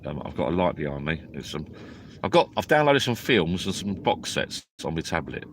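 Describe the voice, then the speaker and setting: Deep-voiced tired man. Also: big pitch swings, a little fast, a little hiss or hum. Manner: rambling, chatty, drowsy. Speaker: fishing vlogger. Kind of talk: casual live-stream chat. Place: inside a small bivvy tent at a lake at night.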